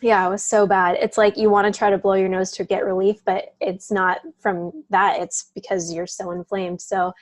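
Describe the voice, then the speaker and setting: Flat in delivery and mid-range, her voice keeps a moderate pace with hardly any pauses and no echo. She's an interview guest casually telling a personal story, chatty, quick to laugh, and heavy on "like" fillers.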